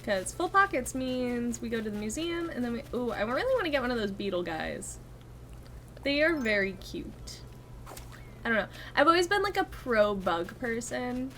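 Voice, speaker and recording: A young woman streaming a game, chatting casually to her viewers, giggling and thinking out loud. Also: a little high, big pitch swings, moderate pace, a little hiss or hum. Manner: chatty, giggly, talks to chat and herself. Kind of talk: casual gameplay chat.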